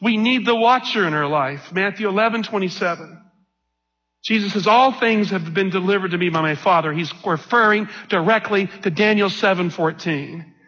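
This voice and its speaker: High-voiced husky preacher in a reverberant hall. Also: male voice, bright, forceful tone. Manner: slow emphatic scripture reading. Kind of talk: sermon. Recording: dull lo-fi recording in a reverberant hall.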